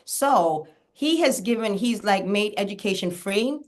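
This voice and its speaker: A woman's voice: mid-range voice, expressive, a little slow. Enthusiastic rambling woman guest. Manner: enthusiastic, rambling, many fillers. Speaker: guest, documentary filmmaker. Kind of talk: casual interview chat.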